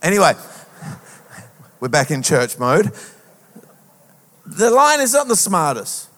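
A man preaching a lively sermon as a pastor, with a sing-song rhetorical delivery. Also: on the high side, takes it slowly. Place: church auditorium. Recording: long hall reverb.

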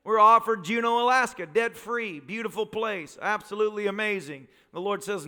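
Animated pastor preaching in a reverberant sanctuary. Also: male voice, high-pitched, normal speed, few pauses. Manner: animated, joking preaching with rhetorical questions. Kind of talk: sermon. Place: church sanctuary. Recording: live church recording with long reverb.

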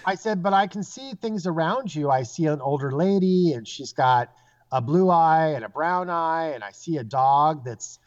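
A man's voice: a little high, moderate pace. A man, a psychic guest, telling stories casually and acting out the voices of the people in them. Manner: animated storyteller, acts out quoted voices. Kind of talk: casual storytelling. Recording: dull lo-fi sound.

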